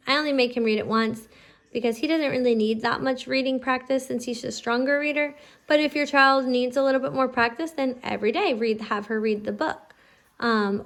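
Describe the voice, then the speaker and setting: A patient mother talks through a reading lesson at home in a fairly high voice. She stretches out each letter sound slowly for her child. She explains every step plainly. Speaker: homeschooling parent teaching phonics. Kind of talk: instructional explanation to camera.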